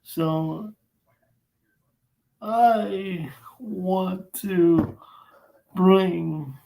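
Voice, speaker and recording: Young guy just chatting, slow and halting, kinda gravelly. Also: high voice, fairly even intonation, mellow, low-quality recording. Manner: halting, restarts often. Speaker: podcast host. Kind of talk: casual chat.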